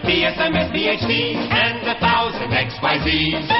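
A woman narrating a cartoon song in a lively sing-song chorus. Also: a little high, moderate pace. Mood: cheerful. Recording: echoey dull old record with music.

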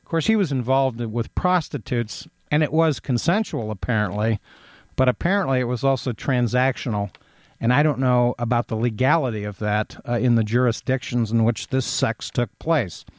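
A man talks through news stories in a casual commentary, pausing often with ums and uhs. His voice sits at an ordinary middle pitch and comes across close and dry, with no room sound. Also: dry recording. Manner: hesitant, many ums and uhs, reads aloud and adds opinions.

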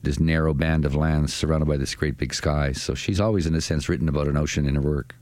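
Very deep-voiced male poet guest. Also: fairly even intonation, quick pace, a little mellow, no room sound. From southern interior of British Columbia. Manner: thoughtful, hesitant with fillers. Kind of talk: conversational interview.

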